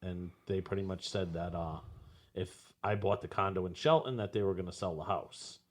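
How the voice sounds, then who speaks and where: A man in candid podcast conversation, talking haltingly with many restarts. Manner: halting, starts over, lively pitch.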